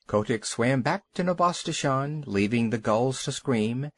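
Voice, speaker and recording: Expressive male storybook narrator. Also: medium pitch, a little slow, few pauses, no room sound. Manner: expressive, dramatic reading. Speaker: audiobook narrator.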